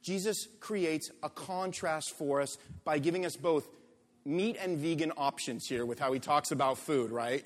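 Animated man preaching in a reverberant hall. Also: on the high side, a little slow. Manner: animated, conversational preaching with rhetorical questions. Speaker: pastor. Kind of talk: sermon.

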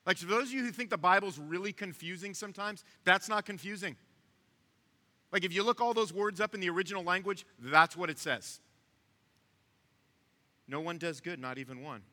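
Man preaching, high voice, bright tone, conversational sermon. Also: normal speed, pauses often, long reverb tail. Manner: conversational, asks the room to follow along. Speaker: pastor.

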